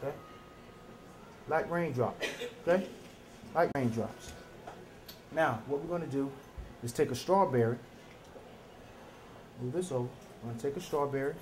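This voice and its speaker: A man's voice: mid-range voice, normal speed, pauses often, reverberant, background noise. A man teaching a live cooking demonstration in a chatty, folksy way, often checking in with his audience. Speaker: culinary teacher.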